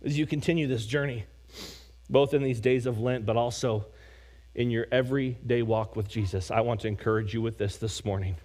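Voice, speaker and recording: A man preaching as a pastor, moving between loud, animated emphasis and quiet, slow prayer. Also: mid-range voice. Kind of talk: sermon.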